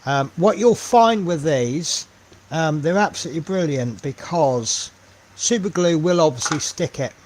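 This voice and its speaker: A man's voice: on the high side, expressive, unhurried, darkish tone. A man chatting casually on a live stream while he paints miniatures, thinking aloud with many ums and trailing asides.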